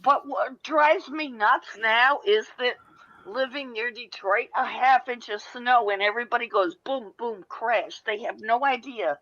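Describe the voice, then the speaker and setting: A woman from Michigan rambles through a casual chat with jokes and the odd swear. Her voice sits fairly high. The sound is muffled and lo-fi. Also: measured pace, bright, forceful tone. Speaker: panelist. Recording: muffled lo-fi audio.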